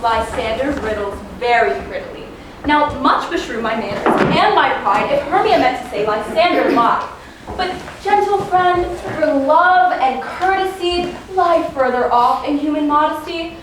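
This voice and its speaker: A woman playing a modest young noblewoman in love on stage, with gentle, earnest delivery. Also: high-pitched, animated, a little slow. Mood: tender. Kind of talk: live stage acting. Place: theater stage. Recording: echoey theater from far off, background noise.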